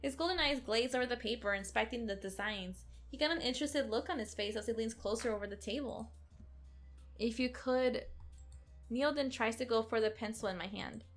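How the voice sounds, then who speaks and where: A woman hosting a let's play, reading a visual novel aloud in an expressive, sarcastic way. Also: fairly high pitch, fast talker, few pauses, soft background music. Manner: expressive, sarcastic, occasional giggles.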